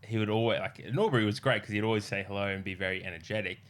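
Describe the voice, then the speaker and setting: Man, young adult, podcast host; low voice, loose joking banter with plenty of swearing. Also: very fast. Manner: swearing, joking, tells anecdotes. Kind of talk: casual chat.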